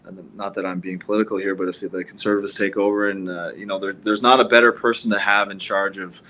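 Low-ish bright male guest, loose rambling talk, faint hiss. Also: flat delivery, fast, poor audio. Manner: rambling, many fillers and restarts. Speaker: guest, league ambassador. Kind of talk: casual radio interview.

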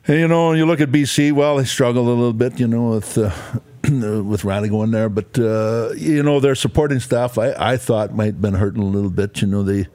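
A man, a former pro football player chatting on a talk show and telling stories in a rambling, halting way full of fillers. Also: mid-range voice, warm tone. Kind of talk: casual storytelling chat.

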